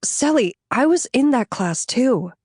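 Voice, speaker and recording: Woman narrator as a blunt young woman in grief, incredulous and matter-of-fact, only a little above her own lower voice, dry close reading. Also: expressive, a little slow, darkish tone, slightly rough, dry recording, full character voice. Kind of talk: audiobook dialogue reading.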